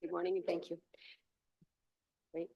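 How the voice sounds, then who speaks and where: Slow, laughing woman giving a short speech. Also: on the low side, completely flat delivery, vocal fry, muffled recording. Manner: warm, humorous, laughing often. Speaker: table topics speaker. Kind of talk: impromptu club speech.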